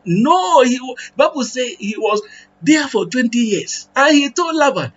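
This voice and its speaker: A man's voice: extremely high pitch, animated, normal speed, fairly bright tone, lo-fi sound. A man preaching a sermon and leading a prayer, fervent and repetitive in his appeals.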